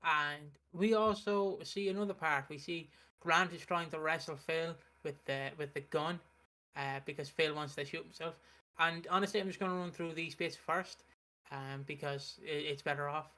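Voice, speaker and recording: A man's voice: fairly high pitch, fairly even intonation, normal speed, sharp tone. A young man hosting a casual chat, recapping soap opera plot with lots of fillers and restarts. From United Kingdom. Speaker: soap opera reaction host.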